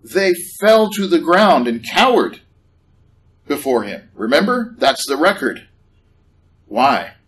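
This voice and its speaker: A man preaching a sermon in a church, conversational and animated, rising in pitch on questions. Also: slow pace, pauses often, a little hiss or hum, rough recording. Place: church hall.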